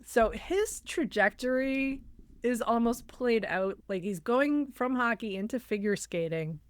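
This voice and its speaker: A woman's voice: fairly high pitch, lively intonation, unhurried, smooth. A woman in her thirties co-hosting a podcast, teasing and wry in casual chat. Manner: wry, teasing, drops into mock voices for jokes. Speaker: podcast co-host.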